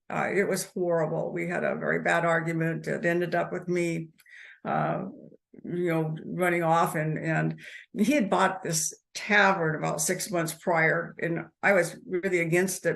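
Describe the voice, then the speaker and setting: A woman in her seventies, an interview guest telling her life story in a halting way, with restarts and soft laughs. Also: on the low side, creaky. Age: 70s. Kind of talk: personal life story told in conversation.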